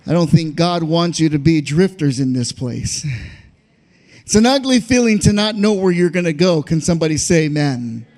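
A male pastor preaching a sermon, often starting lines with "uh" and rising into shouted, sing-song peaks. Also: on the high side, expressive, normal speed.

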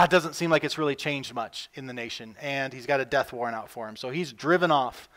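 A man preaching a sermon as pastor, earnest, with his voice lifting and getting louder when he reads scripture aloud. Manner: earnest, rises in pitch and volume when reading scripture.

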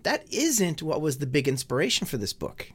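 Lively, playful male co-host. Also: fairly high pitch, moderate pace, breathy edge. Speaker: podcast co-host. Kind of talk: casual interview chat.

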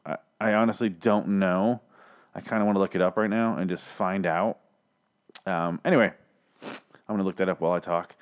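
Low-voiced man ranting through a profane recap. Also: fairly even intonation, fairly quick, pauses often, smooth. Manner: profane, exasperated and sarcastic. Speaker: TV recap podcast host. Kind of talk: casual episode recap. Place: home studio.

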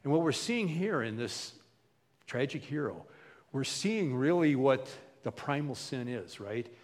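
A male pastor preaching in a casual, animated way, slipping into little voices for the people he quotes. His voice sits at an ordinary pitch for a man. A long reverb trails his words through a large hall. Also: measured pace. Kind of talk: sermon.

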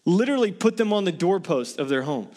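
A man's voice: high-pitched, very animated, a little fast, darkish tone. A pastor delivering an earnest, conversational sermon to his congregation, often asking the listeners questions.

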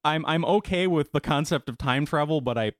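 A man's voice: a little high, a little fast, no room sound, studio quality. A man co-hosting a podcast, chatting casually with wry, teasing interjections. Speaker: podcast co-host. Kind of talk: casual chat.

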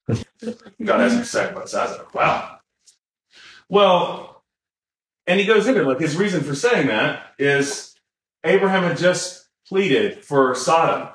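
A man's voice: on the high side, very animated, slow, pauses often, a bit bright. A man co-hosting a podcast in casual chat, rambling and correcting himself with lots of fillers and chuckles. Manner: chuckles while talking. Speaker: podcast co-host. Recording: roomy echo.

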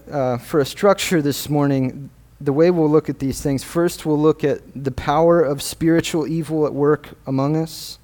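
Male guest preacher, unhurried delivery, mellow voice, earnest scripture reading. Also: mid-range voice. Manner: earnest, measured, reads scripture aloud. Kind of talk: sermon. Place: church sanctuary.

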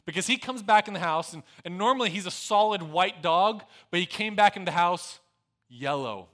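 A young male pastor preaches with earnest storytelling, his voice sitting high. The tone is bright and ringing. He slips into a hushed softness when he prays. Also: animated, normal speed. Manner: storytelling, earnest, dropping to a soft hush in prayer. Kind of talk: sermon.

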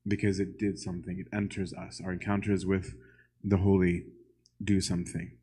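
A man's voice: deep voice, level tone, a little fast, a little mellow, slightly rough. A man giving a church lecture in a conversational way, often asking the audience "right?" and putting questions straight to them.

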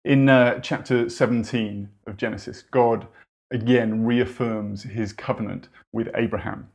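A man's voice: medium pitch, steady tone, a little slow, gravelly, darkish tone. A man preaching a sermon in an earnest, conversational way, with wry asides.

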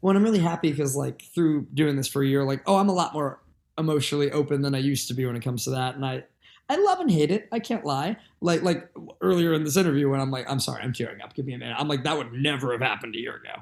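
A man's voice: on the high side, expressive, quick pace. A man, a musician guest on a podcast, speaking openly and reflectively in a casual way, full of fillers. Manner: open, reflective, many filler likes. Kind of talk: candid conversational podcast talk.

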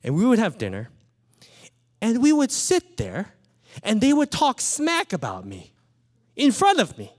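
A man in his thirties preaching a sermon, telling personal stories in an animated, playful way. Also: sits high, measured pace, long pauses. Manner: animated storytelling, acts out his small daughter's lines. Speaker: pastor.

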